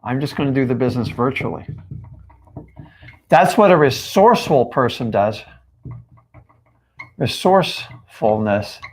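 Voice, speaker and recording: A man's voice: medium pitch, expressive, moderate pace, long pauses, a little mellow. A man teaching in a live stream, punchy and emphatic, firing rhetorical questions at his viewers. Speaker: real estate coach.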